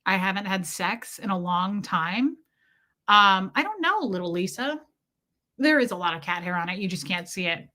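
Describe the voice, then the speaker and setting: A woman's voice: medium pitch, animated, moderate pace, sharp tone. A woman hosting a casual livestream, telling a story bluntly and with profanity while greeting viewers by name. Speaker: livestream host.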